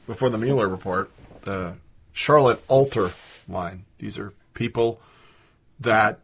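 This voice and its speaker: A man's voice: medium pitch, fairly bright tone. A man hosting a podcast, ranting with frequent swearing. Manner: ranting, profane. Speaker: podcast host. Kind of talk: podcast commentary.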